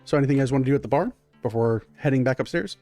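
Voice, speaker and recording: A man's voice: medium pitch, very fast, darkish tone, soft background music. A man narrating a tabletop game as game master, describing scenes in a rambling way with many fillers.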